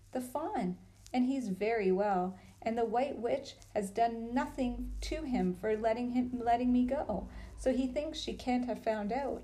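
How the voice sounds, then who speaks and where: Woman doing an eager, excited little girl. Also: on the high side, lightly acted.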